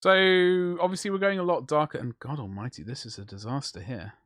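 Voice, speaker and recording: A man's voice: a little high, fairly quick, a bit bright, no room sound, clean studio sound. A man streaming live while he paints, rambling and joking in casual banter with his chat. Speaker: livestreamer.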